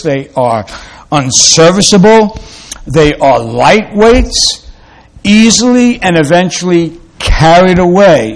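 A man preaches a sermon slowly and deliberately, repeating key phrases for emphasis, in a voice on the high side.

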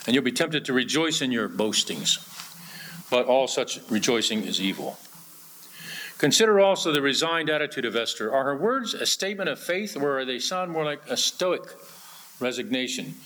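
A man's voice: medium pitch, very animated, moderate pace, a bit bright. A man preaching an earnest sermon, often quoting scripture in old-fashioned wording. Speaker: pastor.

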